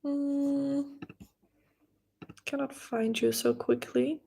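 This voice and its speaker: A young woman from the Netherlands with a Dutch accent, chatting casually on a knitting livestream and answering viewers' comments with quick restarts and soft laughs. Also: high-pitched, steady tone, vocal fry. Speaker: livestream host, knitting creator.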